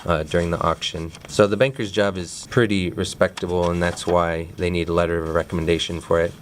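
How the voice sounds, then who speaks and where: A fifth grade teacher, a man, explaining his classroom methods in a relaxed, chatty way with frequent fillers. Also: low voice, brisk, slight background noise.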